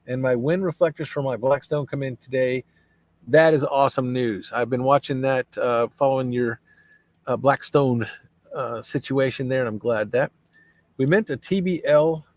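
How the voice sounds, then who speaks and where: On a relaxed live stream, a mid-range male voice rambles warmly through viewer comments, reading and replying to each with frequent fillers and restarts. The audio has no echo.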